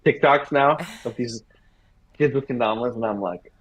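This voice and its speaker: A husky man in his thirties, an interview guest telling a rambling story and acting out the people in it. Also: medium pitch, normal speed, highs cut off. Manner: rambling, animated retelling with acted-out quotes.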